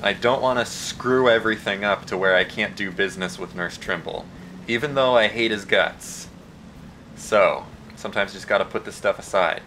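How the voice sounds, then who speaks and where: A man's voice: lowish voice, moderate pace, bright, forceful tone, a little hiss or hum. A young man narrating his gameplay, joking and self-mocking with rambling asides. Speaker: let's play host. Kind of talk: gameplay commentary.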